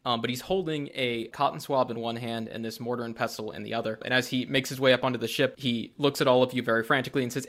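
Lively man game master. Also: mid-range voice, quick pace, hardly any pauses. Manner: lively, acts out scenes with laughs. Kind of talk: narrating a tabletop game.

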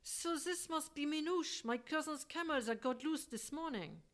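A woman reading an audiobook, voicing a refined, unflappable middle-aged gentleman who speaks politely and calmly. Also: high-pitched, normal speed, pitched above the performer's own voice, natural voice. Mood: courteous. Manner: polite, composed and courteous.

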